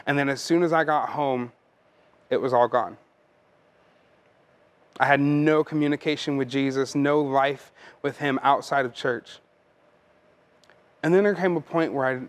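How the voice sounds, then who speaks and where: A man preaching a sermon as pastor, earnest and conversational, often repeating words as he goes. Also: mid-range voice.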